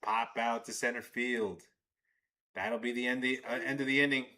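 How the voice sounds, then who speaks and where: Male streamer, bright edgy voice, excitable and profane, live watch-along commentary. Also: mid-range voice, normal speed. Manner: excitable, swears, talks to chat. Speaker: livestream host.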